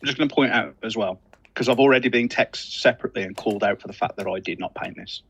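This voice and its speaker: A man's voice: fairly low pitch, fast talker, fairly bright tone, a little hiss or hum. A man with a Brummie accent, co-hosting a live stream with wry, joking banter. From Birmingham, England. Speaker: co-host. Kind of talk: casual live-stream chat. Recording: dry, dull lo-fi sound.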